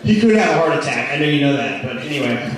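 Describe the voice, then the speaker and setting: A man doing a stand-up comedy set in a rambling style full of "like" fillers, with sudden loud outbursts. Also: medium pitch, lively intonation, fast. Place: comedy club stage. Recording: echoey club recorded from far off with audience. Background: audience laughter.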